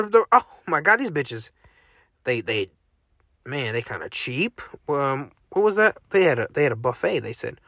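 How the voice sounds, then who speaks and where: A man's voice: high-pitched, pushed and bright, no room sound, studio quality. A man hosting a casual solo podcast, joking and swearing as he reacts aloud to what he browses online. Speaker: podcast host.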